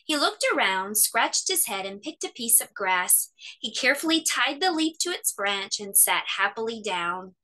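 A woman reading a children's picture book aloud at story time. Her voice is bright and fairly high, and she tells the story expressively. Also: sing-song, moderate pace.

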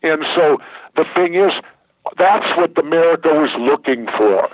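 A man's voice: fairly high pitch, expressive, measured pace, breathy edge. An older man, a former governor, talking bluntly and emphatically as an interview guest. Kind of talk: candid interview talk. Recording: tinny phone line, dry.

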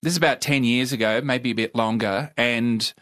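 A middle-aged Australian comedian telling stories in a podcast interview, with a laconic, dry and wry delivery. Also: male voice, mid-range voice, steady tone, normal speed, fairly bright tone. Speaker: comedian guest. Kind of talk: casual storytelling interview.

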